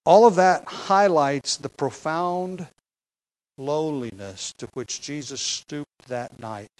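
A man's voice: on the high side, slow, darkish tone, rough recording. A man preaching an expository sermon, explaining a text with emphasis, occasional fillers and light chuckles.

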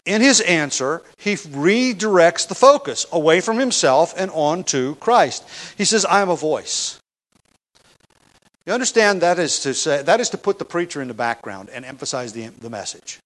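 A man's voice: on the high side, expressive, normal speed, a bit bright. Conversational teacher, man. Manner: conversational, restarts and rhetorical questions. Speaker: Bible teacher. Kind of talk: expository sermon.

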